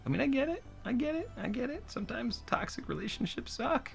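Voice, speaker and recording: A man's voice: extremely high pitch, very animated, brisk, creaky, soft background music. A man hosting comedic commentary on reviews, with exaggerated reactions and frequent laughs. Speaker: host.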